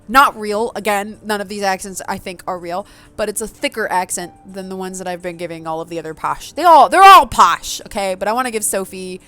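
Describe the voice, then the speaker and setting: A woman narrates a story game aloud, moving between expressive reading and chatty commentary. She laughs at her own attempts at voices, and faint game music sits in the background. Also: mid-range voice, fairly quick, smooth. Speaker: let's play gamer.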